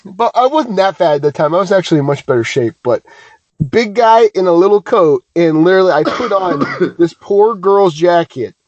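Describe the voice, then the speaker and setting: A man's voice: high-pitched, no room sound, lo-fi sound. A man co-hosting a podcast, telling rambling, self-deprecating stories in casual chat. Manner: animated, self-deprecating, many restarts. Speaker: podcast co-host.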